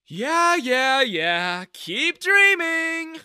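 Man doing a sneering, loud bank manager. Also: very high-pitched, very animated, drawn-out words, no echo, studio quality, pitched above the performer's own voice, full character voice. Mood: mocking. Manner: mocking, condescending. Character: rude sneering male bank manager, middle-aged.

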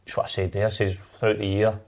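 A Scottish man in his thirties, a former footballer telling stories in a casual chat, animated and acting out what others said. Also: on the low side, quick pace. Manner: animated, acts out quotes, laughs while telling.

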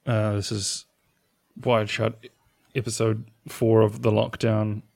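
A man's voice: lowish voice, level tone, takes it slowly, creaky, a little mellow. Giggly, teasing podcast co-host man. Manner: laughs often, swears playfully, teasing. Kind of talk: casual podcast banter.

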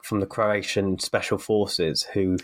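A man with a lowish voice co-hosts a relaxed podcast chat. He rambles through stories with fillers and false starts, and he sounds like he is just getting over a cold. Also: slow pace. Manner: chatty, anecdotal, many fillers and restarts. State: recovering from a cold. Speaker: podcast co-host. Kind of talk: casual chat.

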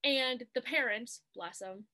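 A woman's voice: on the high side, measured pace, bright, forceful tone. A woman co-hosting a podcast, chatting casually and animatedly as she recaps a TV movie and quotes its scenes in playful voices. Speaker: podcast co-host.

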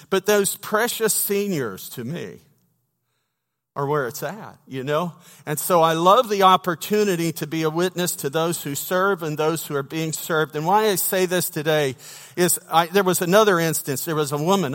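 Folksy preacher in a reverberant church. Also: male voice, on the high side, fairly bright tone. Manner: folksy storytelling with humor, asides to the congregation. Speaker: pastor. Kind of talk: sermon. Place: church sanctuary. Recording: long reverb of a church hall.

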